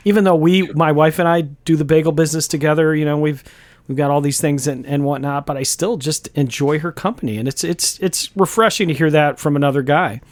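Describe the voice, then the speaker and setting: A middle-aged man from upstate New York hosts a casual interview in a slightly high voice. He talks earnestly and warmly, stumbling over repeated words as he restarts his sentences. The recording is dry and close. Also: steady tone, fairly quick, no echo. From Brighton, Rochester, New York. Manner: earnest and friendly, stammering restarts. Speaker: podcast host.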